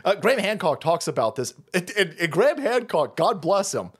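A man ranting on a livestream, crude and mocking, whose voice leaps up and down in pitch as he flips between grumbling low and shouting high. He curses constantly and keeps dabbing at a bleeding nose. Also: sing-song, fairly quick, breathy edge. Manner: profane, mocking, loud swings into shouting. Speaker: streamer host.

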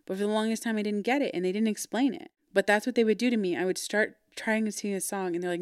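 A young woman, a podcast guest, bluntly telling a story and swearing freely, growing animated when frustrated. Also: medium pitch, quick pace, few pauses, smooth, dry recording, studio quality. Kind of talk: casual storytelling interview.

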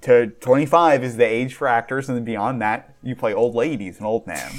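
A man chatting casually on a podcast panel, relaxed and quick to laugh. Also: mid-range voice. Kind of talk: casual chat.

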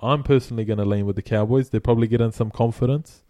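A man's voice: mid-range voice, fairly even intonation, racing, dark tone, no echo, clean studio sound. A young Australian man co-hosting a sports podcast, chatty as he runs through team news. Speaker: podcast co-host. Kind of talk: casual sports chat.

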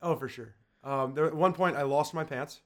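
Young male co-host, a bit high-pitched, playful ribbing storyteller. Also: moderate pace. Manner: teasing, lively storyteller. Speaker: podcast co-host. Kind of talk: casual chat.

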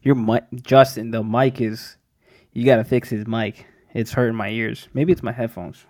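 A man co-hosting a casual podcast from his room at home, playful and quick to laugh. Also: medium pitch, fairly even intonation, a little mellow, dry recording, studio quality. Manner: playful, easily amused. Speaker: podcast co-host. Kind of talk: casual chat.

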